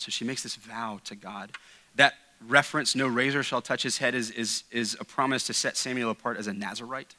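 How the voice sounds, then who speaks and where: A man's voice: medium pitch, steady tone, a little fast, pushed and bright, low-quality recording. A man preaching a sermon in church, earnest and emphatic, often restarting and adding asides. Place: church sanctuary.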